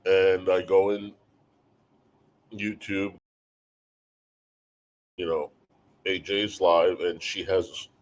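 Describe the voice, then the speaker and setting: A man's voice: sits low, darkish tone. A man hosting a livestream in casual chat, rambling and emotional, swearing freely. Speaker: livestream host.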